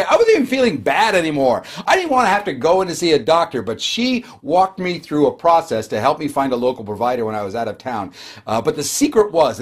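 Animated husky-voiced man telling a story. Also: fairly high pitch. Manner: animated, acts out a phone call. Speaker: guest speaker. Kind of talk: motivational storytelling.

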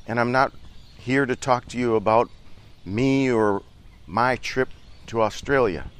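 Low-voiced earnest motivational speaker. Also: male voice, clear, resonant tone. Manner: earnest, enthusiastic, repeats himself. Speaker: dairy farmer and leadership coach. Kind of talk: motivational podcast talk. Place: harbor.

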